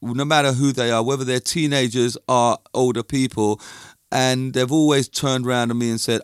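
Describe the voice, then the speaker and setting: A man's voice: mid-range voice, normal speed, smooth, no room sound, clean studio sound. A middle-aged man from London with a London accent, talking in a casual, rambling, opinionated monologue that drifts off topic. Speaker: music and dance teacher.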